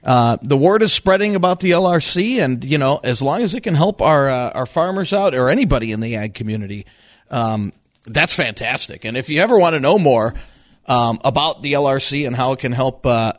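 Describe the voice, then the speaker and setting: A man's voice: medium pitch, lively intonation, no echo, clean studio sound. Man co-hosting a farm radio show. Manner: halting, with many fillers. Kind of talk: radio talk show chat.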